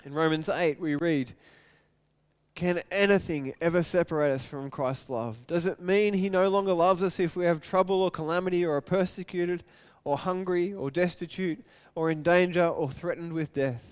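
Man, preacher, sermon, high voice, smooth and resonant tone, lively, loud then hushed. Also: normal speed. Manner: animated, acts out quoted lines with big swings from loud to hushed.

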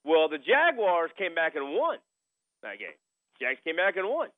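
A man's voice: a little high, wildly swooping pitch, a little slow, no room sound. A middle-aged man hosting a sports radio show, telling a story in a casual chat and repeating himself as he goes. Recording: phone-like radio broadcast sound.

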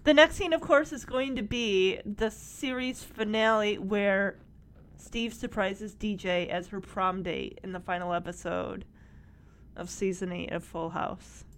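A woman casually recapping a TV episode, gushing and excitable as she retells scenes and quotes the characters. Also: medium pitch, unhurried. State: tearing up.

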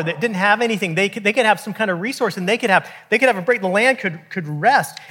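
A man, preaching a sermon in a conversational, animated way with frequent restarts. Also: high-pitched, husky. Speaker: pastor.

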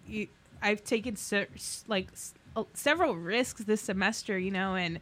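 A young woman in her twenties, a podcast co-host, talking in a halting, tearful way, laughing through tears as her voice breaks. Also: medium pitch, fairly bright tone. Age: 20s. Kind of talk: emotional casual chat.

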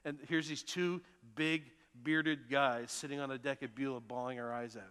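A middle-aged man preaching a sermon as pastor, telling personal stories earnestly, moving between emphatic lines and hushed ones. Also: mid-range voice, fairly even intonation, normal speed, clean tone. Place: church sanctuary. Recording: long church reverb.

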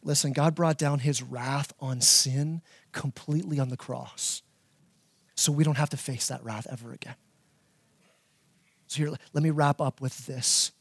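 A middle-aged man preaching a sermon as pastor, animated, often repeating words as he builds a point. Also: a little slow, gravelly, long pauses, breathy edge, no echo. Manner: animated, repeats words, acts out his kids in a high voice.

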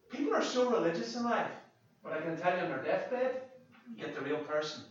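A man's voice: sits high, animated, a little fast, husky, lo-fi sound. Earnest man in his fifties preaching. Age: 50s. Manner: earnest, emphatic preaching with rising intensity. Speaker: pastor. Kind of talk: sermon.

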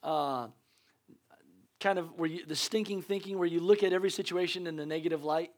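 A man's voice: on the high side, a little fast, a little mellow. A man preaching a conversational sermon as a pastor, earnest and urging, repeating his points with joking asides.

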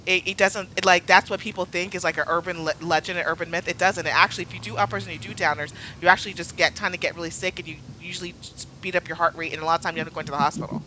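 A woman's voice: on the low side, fairly even intonation, rapid-fire, hardly any pauses, bright, forceful tone, a little hiss or hum, poor audio. A woman in a casual podcast chat, talking bluntly and with open exasperation. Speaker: podcast co-host.

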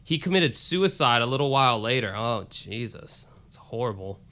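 A man's voice: mid-range voice, very animated, normal speed, pushed and bright, smooth. A male podcast host reading listener emails aloud in a loose, casual way, swearing and breaking off into asides. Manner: loose and profane, with restarts and asides.

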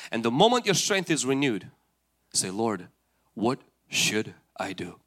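A man's voice: medium pitch, a bit bright. A man preaching a sermon with fervent emphasis, speaking directly to the listener.

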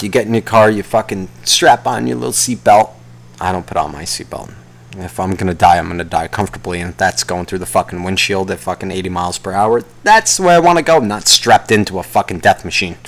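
Profane rambling young man ranting. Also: creaky. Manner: profane, rambling, jumps into mocking high-pitched impressions. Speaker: vlogger. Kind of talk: casual rant to camera.

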